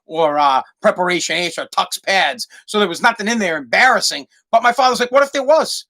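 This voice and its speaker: A man's voice: sits high, animated, a little fast, gravelly, pushed and bright. A man from Massachusetts hosting a solo podcast, rambling through a profane comic rant and repeating himself as he goes. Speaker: podcast host.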